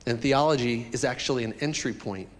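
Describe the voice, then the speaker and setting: A man preaching a sermon as pastor, animated and joking as he talks directly to the congregation. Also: medium pitch, a little fast, long reverb tail.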